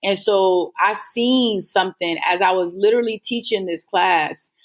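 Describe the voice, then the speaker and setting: A woman's voice: mid-range voice, a little slow. A woman guest telling her story in a casual interview, earnest and rambling with lots of fillers. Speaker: guest entrepreneur.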